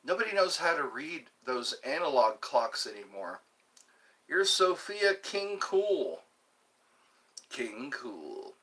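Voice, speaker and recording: Older male livestream host: unhurried, husky, bright tone, reads chat aloud. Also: mid-range voice. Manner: reads viewer comments aloud and plays along.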